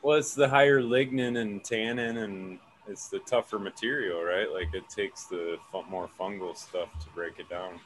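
A man's voice: fairly low pitch, fairly even intonation, normal speed, few pauses, low-quality recording. Teasing man in casual chat. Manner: joking, teasing, curious. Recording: faint background noise.

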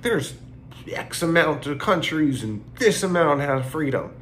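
A man's voice: fairly high pitch, lively intonation, unhurried, fairly bright tone, a little hiss or hum, voice pushed up. A man voicing a weary, worldly older male pundit who lectures emphatically. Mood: lecturing.

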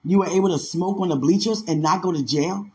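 High-voiced D.C. man telling stories. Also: brisk. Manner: animated, laughs often, drops into other voices. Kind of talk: casual storytelling chat.

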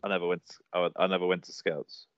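A man's voice: low voice, little pitch movement, quick pace, fairly bright tone, muffled recording. A man, co-hosting a podcast, teasing and laughing often. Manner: giggly, teasing. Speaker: podcast co-host. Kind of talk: casual banter.

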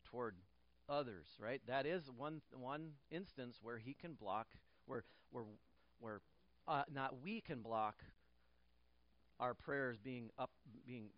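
A man preaching a sermon in a church, his mid-range voice climbing in pitch and volume whenever he drives a point home. He repeats phrases, restarts sentences and slips in light jokes. The recording is slightly dull and muffled. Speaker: pastor.

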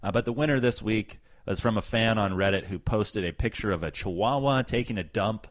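A man's voice: fairly low pitch, brisk, no echo. A man co-hosting a casual sports podcast, talking with a dry, joking delivery. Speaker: podcast co-host.

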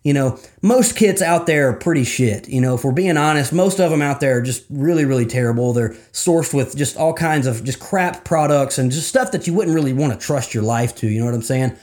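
A man's voice: medium pitch, brisk, few pauses, darkish tone. A man hosting a podcast, reading sponsor spots in a casual, enthusiastic way, full of fillers like "you know" and calling listeners "guys". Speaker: podcast host.

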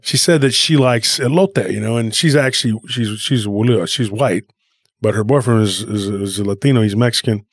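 A man retelling a listener's story on a podcast, animated and rambling, with frequent restarts. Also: fairly low pitch, moderate pace, no echo. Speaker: podcast co-host.

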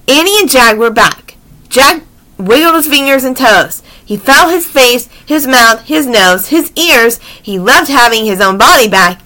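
A woman reading children's books aloud in an animated, expressive way with chatty asides. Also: high voice, measured pace. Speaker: story reader.

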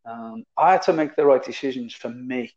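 A former footballer, a man, spins stories in an easy, rambling way, doubling words and letting sentences trail off. His voice sits at an ordinary middle pitch. The audio is slightly muffled and lo-fi. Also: normal speed, darkish tone. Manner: chatty, repeats words, trails off. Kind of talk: casual anecdotal storytelling.

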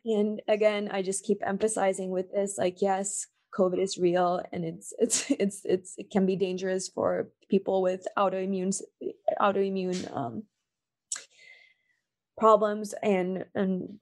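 A woman talks over a call in a loose, casual conversation. She speaks from the heart, rambling through many fillers and restarts as she gets emotional. Her voice sits in an ordinary middle pitch. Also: flat delivery, measured pace, a little mellow. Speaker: podcast guest.

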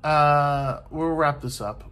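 A man's voice: on the high side, fairly even intonation, slow pace, a bit bright, smooth. A man in a casual, rambling rant from a hotel room, loose and exasperated, swearing often and leaning on filler words. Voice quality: profane, loose, exasperated delivery with many fillers. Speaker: vlogger. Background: faint TV noise.

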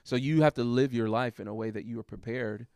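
A man's voice: medium pitch, fairly even intonation, fairly quick, vocal fry, darkish tone, clean tone, dry recording. A man recounting a sermon he preached, talking it through thoughtfully with lots of fillers and restarts. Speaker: guest preacher. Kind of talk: casual conversation about a sermon.

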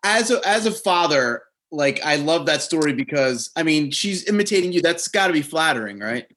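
A man hosting an interview, chatting casually and asking quick questions. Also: on the high side, expressive, a bit bright. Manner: friendly, laughs easily, asks quick questions. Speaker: podcast host.

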